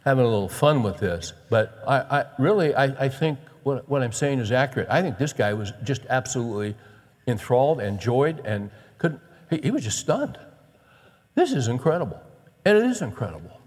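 A man preaching a sermon as pastor, folksy and animated, with soft chuckles. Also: mid-range voice, brisk, in a large hall.

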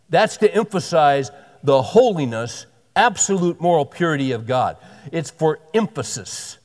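A man's voice: fairly high pitch, animated, unhurried, a little mellow. A man preaching a sermon in an earnest, conversational way, often repeating and restarting his phrases. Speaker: pastor. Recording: long hall reverb.

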